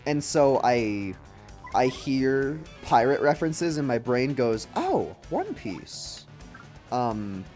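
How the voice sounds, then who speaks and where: A man's voice: mid-range voice, slow, a little mellow. A young man giving casual, chatty live commentary while playing a video game, laughing often and slipping into silly voices. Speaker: streamer. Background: faint game music.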